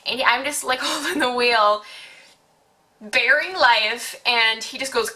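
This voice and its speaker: A woman in her late teens telling a casual storytime on her vlog, chatty and animated, full of "like". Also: a little high, takes it slowly. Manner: chatty, heavy use of "like", animated retelling. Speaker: vlogger.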